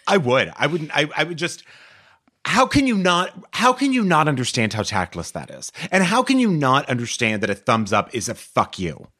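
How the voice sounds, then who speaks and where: Blunt, lively-voiced man co-host. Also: medium pitch. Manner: quick, blunt, opinionated. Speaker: advice podcast co-host. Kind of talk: casual chat.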